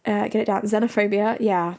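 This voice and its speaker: A woman's voice: mid-range voice, fairly even intonation, fairly quick, darkish tone. A woman streamer in casual livestream chat, playful, laughing often and answering her viewers.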